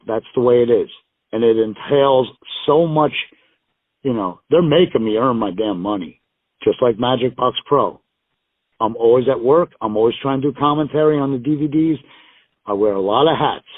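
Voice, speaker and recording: Over a dry, tinny phone connection with no room sound, a middle-aged man of medium pitch talks as a guest on an interview show. His storytelling is casual and meandering, and he swears emphatically.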